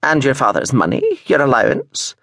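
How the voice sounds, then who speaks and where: A male audiobook narrator voicing a fierce, sharp-tongued old grandmother in a wheelchair, blunt and probing, with a husky tone. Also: medium pitch, wildly swooping pitch, dry recording, clean studio sound, voice pushed up, heavily acted. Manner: blunt and probing, slow deliberate delivery. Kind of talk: audiobook character voice.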